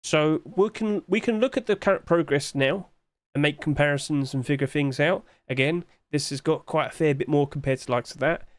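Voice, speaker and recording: A man's voice: on the high side, fairly quick, no room sound. A man who hosts a commentary channel and thinks aloud in a chatty way while talking through sales figures. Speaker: game market analyst. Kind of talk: screen-share commentary.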